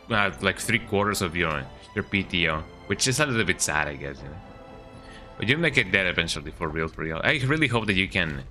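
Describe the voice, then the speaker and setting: Young male streamer, casual rambling chat, animated bright delivery, music underneath. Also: low-pitched. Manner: rambling, says "eh" often. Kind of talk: casual chat while gaming.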